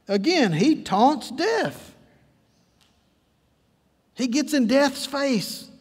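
A high-pitched man preaches a lively sermon, teasing and coaxing his congregation along. His voice rings through a church sanctuary with a long reverb tail. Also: creaky, breathy edge. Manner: playful, coaxing the congregation, emphatic storytelling. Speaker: pastor.

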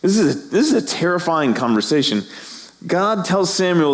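A middle-aged male pastor preaching a sermon, animated, acting out the voices of people in the story. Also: fairly high pitch, normal speed.

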